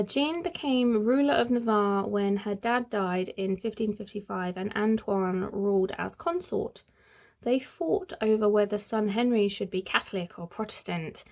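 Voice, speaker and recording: A woman's voice: on the high side, creaky. A woman who hosts a history channel, telling history in a casual, chatty way with playful asides. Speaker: history YouTuber.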